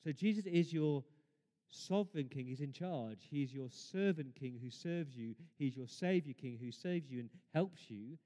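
A man's voice: fairly high pitch, a little slow. Man preaching in an echoing church. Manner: emphatic preaching, rising to loud exclamations and dropping to quiet asides. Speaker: pastor. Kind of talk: sermon. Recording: long reverb of a church hall.

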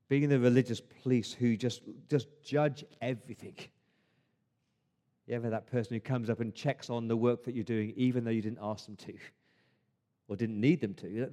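A male pastor preaches a sermon in a conversational, emphatic style at medium pitch, swinging between loud stresses and hushed asides.

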